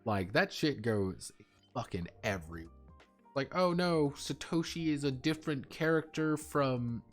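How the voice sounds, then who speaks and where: A man chatting casually on a live stream, excitable and profane, swearing and laughing often as he rambles. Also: medium pitch, a little slow, soft background music.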